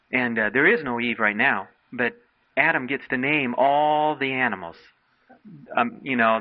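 Male preacher, earnest exhortation, scripture quotes, mid-pitched voice, slightly muffled lo-fi sound. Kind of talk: sermon.

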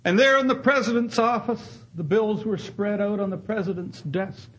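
Earnest male preacher, high husky voice, storytelling sermon. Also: normal speed, a bit bright, poor audio. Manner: earnest, acts out voices in quoted dialogue. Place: Canada.

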